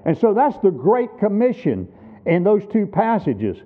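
A man's voice: sits high, huge pitch swings, unhurried. A man in his sixties preaching a sermon at a missions conference, emphatic and teaching with rhetorical questions. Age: 60s. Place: church. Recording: tinny phone-like sound.

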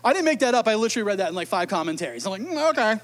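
A man preaching a sermon, telling stories in an animated, emotional, conversational way. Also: sits high, rapid-fire. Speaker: pastor.

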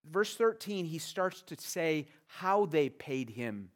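A man's voice: fairly high pitch, expressive, slow. A man preaching a sermon, reading verses aloud and then explaining them with rising, earnest pleas. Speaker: pastor.

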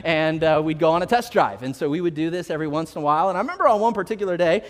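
A male pastor telling a personal story in a sermon, building to slow, emphatic declarations. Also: fairly high pitch. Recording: long hall reverb.

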